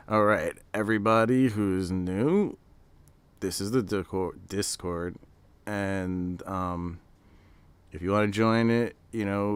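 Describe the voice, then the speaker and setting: A man's voice: lowish voice, smooth, no room sound. An American man hosting a casual live stream, rambling and chatting while he answers his viewers' comments. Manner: rambling, chatty, reads and answers chat aloud. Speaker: streamer hosting a live reveal watch party.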